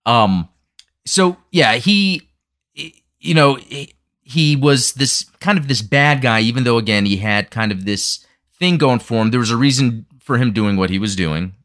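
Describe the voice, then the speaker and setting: Guy hosting a stream, talks quick and rambly, lots of ums, dry close sound. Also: medium pitch, fairly bright tone, dry recording. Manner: fast, rambling, many fillers. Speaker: podcast host. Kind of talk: casual chat.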